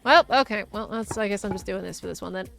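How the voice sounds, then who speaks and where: A woman's voice: medium pitch, quick pace, creaky, a bit bright, soft background music. A woman chatting casually and giggling as she thinks aloud while playing a game. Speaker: gaming streamer.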